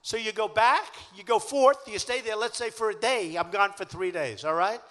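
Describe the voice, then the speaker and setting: An older man with a New York accent delivers a rambling, boastful campaign rally speech, circling back to repeat himself in a chatty way. His voice is high-set and bright, with a sharp, forceful edge. The recording carries the long echo of a large civic hall. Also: moderate pace. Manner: boastful, repetitive, conversational. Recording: echoey hall.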